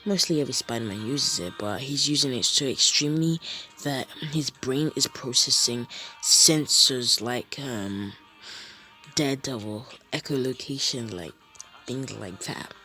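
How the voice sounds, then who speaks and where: A man's voice: medium pitch, unhurried, pushed and bright, faint music behind, low-quality recording. Rambling young man retelling a fan story. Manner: rambling, full of fillers and asides.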